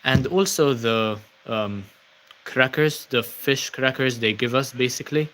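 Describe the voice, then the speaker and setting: A man's voice: mid-range voice, unhurried, a little hiss or hum. Young Maltese man chatting on a livestream. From Malta. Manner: relaxed, many ums and uhs, thanking viewers. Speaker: livestream host. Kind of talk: casual livestream chat reading comments.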